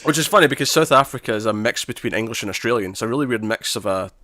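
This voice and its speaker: Bright-voiced man in excited podcast chat. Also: medium pitch, dry recording, studio quality. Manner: animated, quick restarts, acts out lines from scenes. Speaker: podcast co-host. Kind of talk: casual chat.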